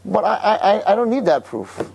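A man giving an animated storytelling sermon as a religious teacher, who keeps checking in with the audience. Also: sits high, moderate pace, gravelly, a little hiss or hum. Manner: animated, keeps asking "right?".

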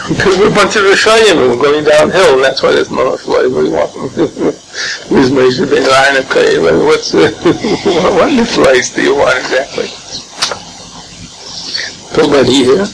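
A man teaching an informal Torah class, animated and joking, sprinkling in Hebrew and Yiddish terms. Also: fairly high pitch, slow pace, creaky. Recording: noisy room recording.

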